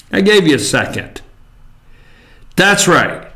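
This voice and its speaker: A man's voice: a little high, slow, fairly bright tone. A man hosting a talk show, giving opinionated political commentary in a sarcastic, rambling way with many fillers.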